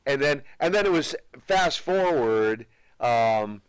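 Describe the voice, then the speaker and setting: A man's voice: medium pitch, expressive, slow, clean tone, dry recording. Older man, rambling storyteller, plain middle voice, dry sound. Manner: rambling, self-repeating anecdotes. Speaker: guest, former pro wrestler. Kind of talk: casual storytelling interview.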